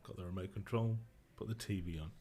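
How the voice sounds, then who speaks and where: Middle-aged man, podcast guest, low voice, quiet and halting, emotional storytelling. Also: a little hiss or hum. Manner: subdued, emotional, halting with restarts. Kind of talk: personal storytelling.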